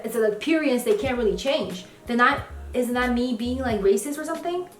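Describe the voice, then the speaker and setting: A woman's voice: fairly high pitch, lively intonation, a little fast, recorded from a distance. A woman co-hosting a casual chat, talking hesitantly with lots of fillers. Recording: echoey room, off-mic, faint music.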